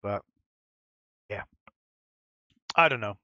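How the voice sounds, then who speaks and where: A man's voice: on the low side, lively intonation, slow, pushed and bright, dry recording, lo-fi sound. A man giving rambling, casual commentary over a game, swearing now and then. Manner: rambling, swearing, chatty asides. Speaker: gameplay commentator.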